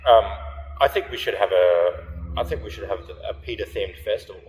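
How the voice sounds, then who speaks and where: A man co-hosting a podcast, dropping dry deadpan comments into the chat. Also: fairly low pitch, a little fast. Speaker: podcast co-host. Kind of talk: casual chat. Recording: long room reverb, faint ambience.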